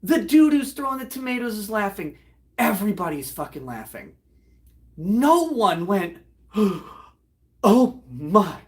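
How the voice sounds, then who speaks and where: Profane animated man telling a story. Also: high voice, normal speed. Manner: profane, animated, laughs while retelling jokes. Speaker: host. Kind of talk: casual storytelling on a livestream.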